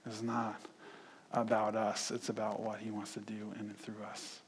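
A man preaching a conversational sermon as pastor, telling stories with animated quoted voices. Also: on the low side, normal speed, slight background noise. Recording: long hall reverb.

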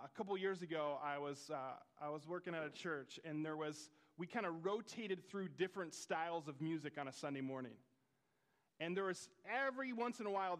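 Pastor guy giving a sermon, chatty storytelling, slightly higher voice. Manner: conversational storytelling with quoted dialogue.

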